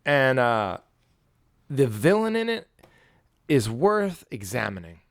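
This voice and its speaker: A man's voice: medium pitch, big pitch swings, takes it slowly. A man hosting a podcast, talking casually and profanely about a book, with frequent restarts. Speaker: podcast host.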